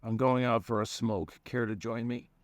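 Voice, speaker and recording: In this storybook reading, a laid-back, slangy sidekick , voiced by a man, drops casual slang in a slightly raised, low-key voice. The sound is dry and close. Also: fairly even intonation, moderate pace, dry recording, lightly acted. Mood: easygoing. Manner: casual slang, says bro.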